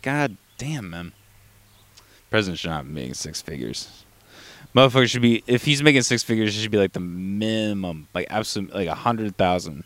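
A man's voice: on the low side, animated, normal speed, fairly bright tone. A young man hosting a casual solo podcast, rambling and swearing freely while coming down with a cold. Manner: profane, rambling, with frequent restarts and fillers. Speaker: podcast host.

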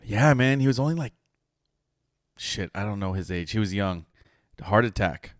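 A man's voice: lowish voice, expressive, moderate pace, dry recording, studio quality. A man co-hosting a podcast, telling a story in casual chat, acting out the people he quotes and swearing freely. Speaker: podcast co-host.

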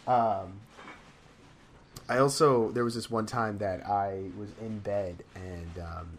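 A man's voice: lowish voice, fairly even intonation, takes it slowly, slight background noise. A young man co-hosting a podcast, telling stories in a rambling, casual way with lots of fillers and laughter. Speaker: podcast co-host. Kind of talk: casual chat, storytelling.

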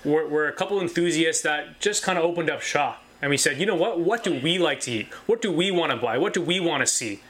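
Bright, eager-sounding butcher shop owner. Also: male voice, a little high, animated, fast, hardly any pauses. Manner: enthusiastic, repetitive, many restarts. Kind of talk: casual interview talk.

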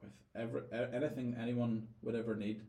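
A man's voice: mid-range voice, level tone, fast, warm tone, roomy sound. A man with a Northern Irish accent, a guest telling stories in a casual interview, thoughtful and often repeating words as he gathers his thoughts. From Northern Ireland.

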